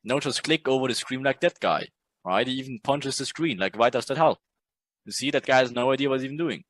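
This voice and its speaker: A man's voice: mid-range voice, a little fast, a bit bright, no echo. A man teaching a trading course in a casual lecture. He talks bluntly, swears freely, and keeps checking in with "right?".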